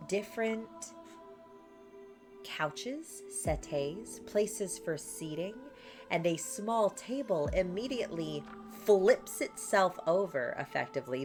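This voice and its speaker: A woman narrating a tabletop game as game master, describing the scene in an unhurried way. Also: lowish voice. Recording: faint background music.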